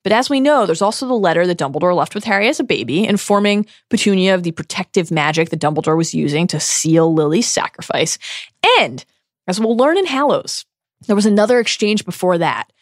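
A woman's voice: on the low side, animated, fairly quick, no echo, studio quality. A woman co-hosting a book podcast, reading a scripted, earnest and analytical discussion. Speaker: podcast co-host.

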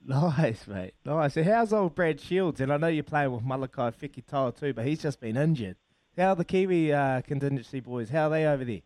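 A man's voice: a little high, lively intonation, a little fast, a little mellow, dry recording. A man hosting a casual interview, asking long, rambling questions and calling his guest mate. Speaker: radio interviewer.

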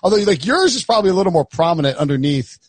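Husky-voiced man hosting a rambling podcast. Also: sits high, sing-song, racing, no room sound. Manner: rambling and joking, with many fillers and restarts. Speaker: podcast host. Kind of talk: casual chat.

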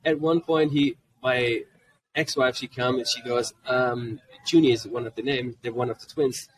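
A man in his forties with a German accent, a guest on a podcast, telling family stories in a lively, casual way and acting out what his kids said. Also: medium pitch, normal speed. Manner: animated, jumps into quoted voices of his kids. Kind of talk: casual storytelling. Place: convention podcast booth. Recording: voice a bit distant from the mic.

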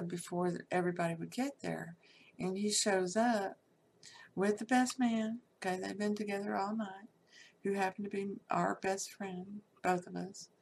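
A middle-aged woman with a drawl tells a personal story in a relaxed, unscripted way. Her voice has a gravelly rasp at mid pitch, and she speaks bluntly, peppering her account with fillers. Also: a little hiss or hum. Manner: candid and salty, with frequent fillers and laughs. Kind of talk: personal life story told casually.

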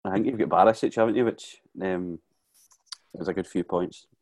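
A man's voice: deep voice, normal speed, a little mellow. A Scottish man co-hosting a football podcast, speaking hesitantly with many fillers. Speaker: podcast co-host. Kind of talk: casual chat.

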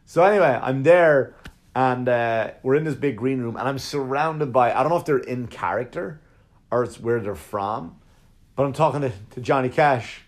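A man's voice: medium pitch, moderate pace. Profane rambling male comedian. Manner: profane, rambling, mimics others in quotes. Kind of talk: casual storytelling.

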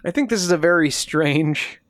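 A man co-hosts a casual podcast, breaking in with wisecracks and skeptical questions. His voice sits fairly high for a man. The recording is dry and close. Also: moderate pace, fairly bright tone, no room sound. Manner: jokey, skeptical interjections and questions. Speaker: podcast co-host. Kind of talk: casual chat.

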